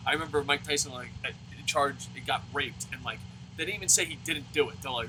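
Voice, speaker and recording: A man from New Jersey reviewing a wrestling show in a loud, profane, laughing rant that jumps into high shouts. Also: sing-song, brisk, a little hiss or hum, poor audio. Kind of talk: profane animated ranting review.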